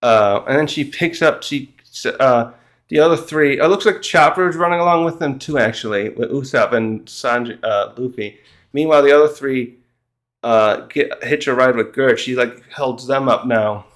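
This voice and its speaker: In a loose, chatty recap of a manga chapter, a male manga reviewer stumbles and wanders through his thoughts in a mid-range voice, frequently laughing and voicing the characters' lines.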